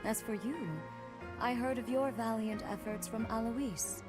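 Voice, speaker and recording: An actress playing a serene woman archbishop who speaks slowly, formally and solemnly. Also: on the high side, fairly even intonation, over music, natural voice. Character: serene, commanding woman church leader.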